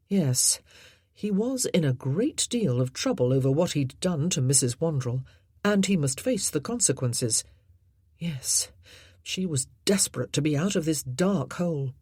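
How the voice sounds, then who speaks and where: A woman reads a period story aloud slowly, her low voice lifting and falling widely. Her tone is breathy and soft, and the recording is close and dry with no room sound. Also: no echo. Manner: measured, expressive storytelling. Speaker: audiobook narrator. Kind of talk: scripted narration.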